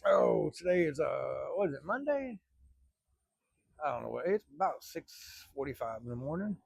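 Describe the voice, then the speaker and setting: Man, middle-aged, gravelly, rambling folksy storyteller, dry sound. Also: a little high, sing-song, normal speed, dry recording. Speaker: vlogger. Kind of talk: casual storytelling. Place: workplace, early morning.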